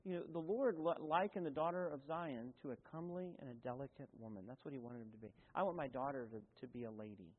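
A man's voice: mid-range voice, fast talker, hardly any pauses, husky. A man preaching a sermon as pastor, in a folksy, conversational way with asides and self-corrections. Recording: tinny, phone-like sound in a long-echoing hall.

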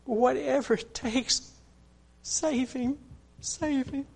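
A man voicing a grown man who sobs as he prays for his best friend, in a choked, pleading voice that rises high. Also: steady tone, takes it slowly, creaky, breathy edge, heavily acted. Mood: desperate pleading. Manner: choked, pleading, breaking into higher pitch.

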